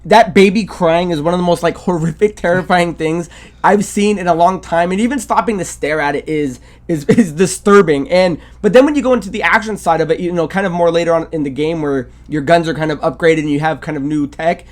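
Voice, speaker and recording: A man's voice: fairly high pitch, fairly quick. A man co-hosting a casual game review chat, rambling with many fillers and restarts. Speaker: video game podcast co-host.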